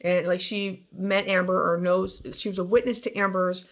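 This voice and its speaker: Gravelly-voiced woman, chatty recap. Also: fairly low pitch, level tone, moderate pace. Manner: chatty, rambling, many fillers and restarts. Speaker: commentator recapping a trial. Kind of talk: casual chat.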